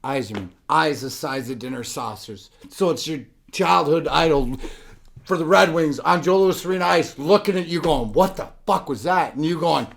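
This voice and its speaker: Animated, swearing ex-player man. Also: fairly high pitch, moderate pace, vocal fry. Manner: animated storyteller, swears, acts out moments. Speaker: guest, former hockey player. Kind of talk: casual chat.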